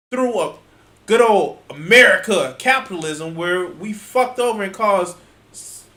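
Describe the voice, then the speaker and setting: A man's voice: very high voice, fairly bright tone. A man reacting to a video with exasperated, profanity-laced, sarcastic commentary. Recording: echoey room.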